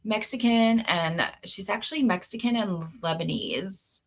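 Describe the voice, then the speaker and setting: A woman co-hosting a live chat, telling stories in a relaxed way and laughing between lines. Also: mid-range voice, a little slow. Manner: animated storyteller who laughs between lines. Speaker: co-host, tarot reader. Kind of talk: casual storytelling chat.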